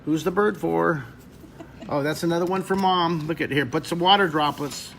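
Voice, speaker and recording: A middle-aged drawing teacher tells kids an animated, lively story, jumping into shrieks for effect. His voice is on the high side and creaky, at a normal speed. There's a slight hiss or hum in the recording.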